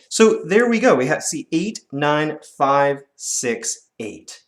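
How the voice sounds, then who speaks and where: A man teaching a recorded lesson to children, counting syllables out slowly and clearly in a playful, encouraging way. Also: fairly high pitch, sing-song.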